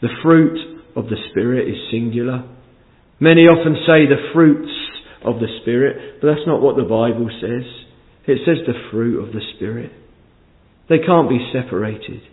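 A man's voice: mid-range voice, moderate pace. A man preaching an evening sermon, asking the congregation earnest, pleading questions and reading scripture in old-fashioned wording. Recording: tinny narrow-band sermon recording.

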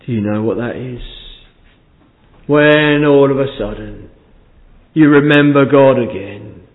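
A man's voice: medium pitch, unhurried, creaky. A man preaching an evening sermon, asking the congregation earnest, pleading questions and reading scripture in old-fashioned wording. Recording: tinny narrow-band sermon recording.

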